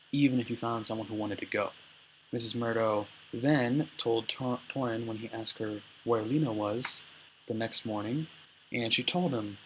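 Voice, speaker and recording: A man's voice: mid-range voice, slight background noise, poor audio. A man casually summarizing a book chapter in informal, filler-heavy speech. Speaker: narrator retelling a book chapter.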